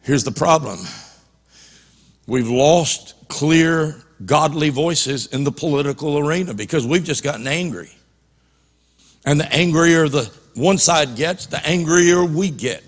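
A man's voice: fairly high pitch, a little slow, long reverb tail. A man preaching a passionate sermon as a pastor in a church, often repeating and restarting his words.

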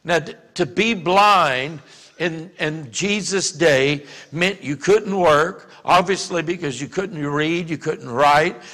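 A man with a Louisiana accent preaching a sermon as pastor, talking conversationally with many restarts and rising to shouts. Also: fairly high pitch, takes it slowly, in a large hall.

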